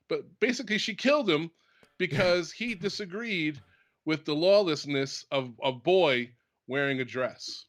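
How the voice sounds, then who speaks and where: Male co-host, slightly higher pitch, easygoing narrator of long anecdotes. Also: moderate pace. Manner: relaxed storyteller, recounts scenes with quoted voices. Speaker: church podcast co-host. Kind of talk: casual faith discussion.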